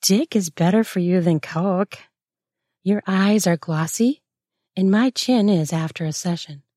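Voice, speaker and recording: A defiant young novice nun with a lifted, brighter pitch, as a woman puts her on while reading. She fires back sharp, mocking retorts at a slow pace, recorded close and dry. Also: no echo.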